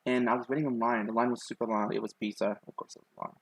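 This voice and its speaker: A man's voice: medium pitch, level tone, quick pace, creaky, slightly rough, no room sound. A young man streaming himself sketching, rambling in casual chat with his viewers and filling gaps with lots of ums and likes. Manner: rambling, many fillers, chatting to viewers. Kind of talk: casual chat while drawing.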